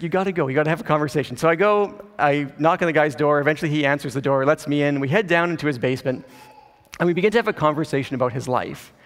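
A man's voice: medium pitch, in a large hall. A man preaching a sermon as pastor, telling a personal story in an earnest, conversational way with casual asides.

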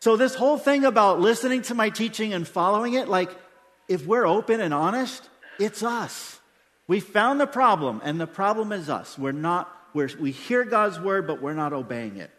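Guy pastor preaching, pretty high voice for a man, lots of rhetorical questions, big echoey church sound. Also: lively intonation, normal speed, a bit bright. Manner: emphatic, with frequent rhetorical questions. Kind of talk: sermon. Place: church sanctuary during a service. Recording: long church-hall reverb.

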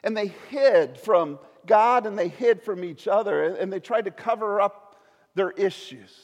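A man preaching a sermon as a pastor, swinging from loud pleading to hushed storytelling. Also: high voice, unhurried, big-room sound.

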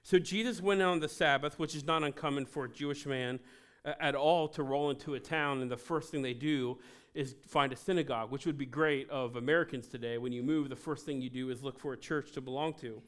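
Pastor preaching with joking asides. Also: male voice, mid-range voice, fairly even intonation, brisk, fairly bright tone. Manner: conversational, with joking asides to the congregation. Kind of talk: sermon. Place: church service.

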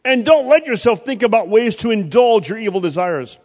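High-voiced pastor in a reverberant hall. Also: male voice, expressive, fairly quick, hardly any pauses. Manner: preaching with sudden loud rises and quiet drops. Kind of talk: sermon.

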